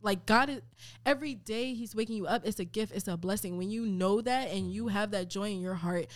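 Young woman guest, twenties, animated and emphatic, repeats phrases, mid-pitched. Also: a little fast. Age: 20s. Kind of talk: casual faith talk.

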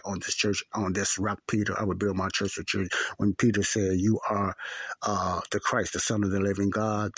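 A man's voice: low-pitched, fairly bright tone, slightly rough, no room sound. A man teaching a Bible study, earnest and repetitive, often asking "See?" to check understanding. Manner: earnest, repeats phrases, asks "See?".

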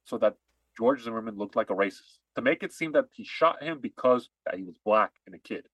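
A man's voice: medium pitch, lively intonation, fairly quick, a bit bright, no echo, rough recording. Emphatic ranting man, dry sound. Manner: emphatic, ranting, repeats himself. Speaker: podcast co-host. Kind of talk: heated political chat.

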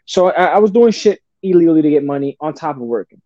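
A man talks through his story as a podcast guest. His delivery is loose and profane, and he keeps restarting sentences and calling the listener "brother." His voice sits a little high and mellow, and the recording is dry and muffled. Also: animated, fast talker, a little hiss or hum. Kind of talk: casual storytelling. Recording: dull lo-fi podcast audio.

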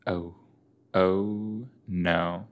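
Slow, low-voiced man joking casually. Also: steady tone. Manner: chatty, joking, many fillers. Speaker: reaction video host. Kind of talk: casual reaction commentary.

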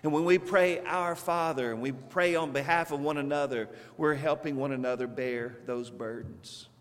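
A man preaching a sermon with a Southern US accent, speaking slowly and deliberately with emphatic pauses. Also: fairly high pitch, big-room sound. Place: church sanctuary.

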